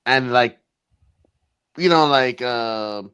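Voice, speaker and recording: A man's voice: medium pitch, very slow, sharp tone, clean tone. A young man co-hosting a casual podcast, talking loosely and with slang and profanity. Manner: loose, slangy, profane, calls his co-host dude. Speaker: podcast co-host. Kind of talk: casual chat.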